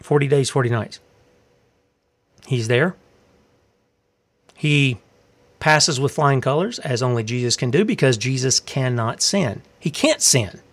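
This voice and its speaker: A man's voice: medium pitch, expressive, measured pace, long pauses. A man preaching a sermon, fiery and confrontational, asking rhetorical questions and reading scripture aloud.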